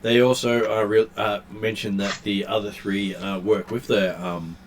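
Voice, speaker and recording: Halting male game master. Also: on the low side, little pitch movement, a little hiss or hum. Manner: halting, many ums and uhs. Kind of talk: narrating a tabletop game.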